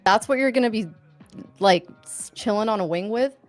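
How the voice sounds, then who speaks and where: A woman co-hosting a live trading show, reacting quickly and giggling often. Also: mid-range voice, soft background music. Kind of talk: casual live-stream chat.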